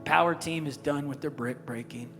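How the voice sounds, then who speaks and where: A man's voice: on the high side, moderate pace, gravelly, a bit bright. A male pastor telling a personal story in an earnest, raw, confessional sermon. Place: church auditorium stage. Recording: echoey hall with music underneath.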